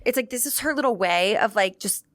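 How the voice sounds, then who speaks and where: A woman's voice: mid-range voice, lively intonation, a little fast, a bit bright, dry recording, clean studio sound. A woman co-hosting a podcast, chatting in a giggly, rambling way. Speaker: podcast co-host. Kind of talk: casual chat.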